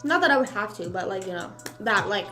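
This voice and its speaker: A woman's voice: medium pitch, expressive, a little fast, sharp tone, faint music behind. A young woman streamer in casual mukbang chat, rambling with lots of fillers and talking while she chews.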